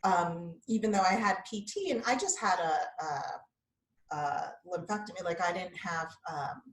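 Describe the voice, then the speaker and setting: A candid, chatty woman in her fifties, talking as a guest yoga instructor in a relaxed interview. She fills her speech with casual asides. The recording has a noticeable roomy echo. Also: fairly low pitch, a little slow. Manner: candid, chatty, frequent likes and you-knows.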